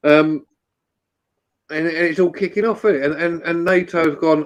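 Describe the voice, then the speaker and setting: A man's voice: a little high, fairly even intonation, normal speed. A man joking and swearing in a casual live-stream chat.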